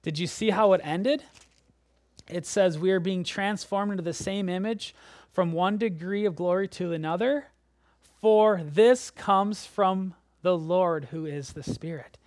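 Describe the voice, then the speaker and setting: A man preaching a sermon. He speaks in animated bursts that rise sharply, then sink to a soft near-whisper at the ends of phrases. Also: sits high, unhurried, no room sound, clean studio sound. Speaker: pastor.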